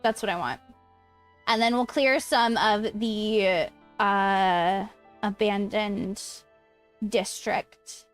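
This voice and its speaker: A woman's voice: mid-range voice, very slow, soft background music. A woman streamer chatting casually while gaming, bubbly and talkative, answering chat, sounding tired.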